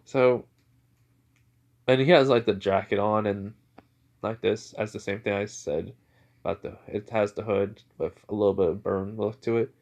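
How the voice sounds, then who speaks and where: A man casually telling a fan-fiction story out loud, rambling with lots of filler words. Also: lowish voice, steady tone, a little slow, long pauses.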